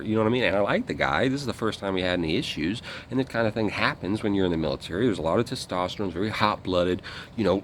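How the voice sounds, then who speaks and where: A man's voice: on the low side, expressive, fast, slight background noise. A man telling a story about his military days in a casual, rambling way, blunt and full of fillers and swearing. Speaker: guest recounting military service.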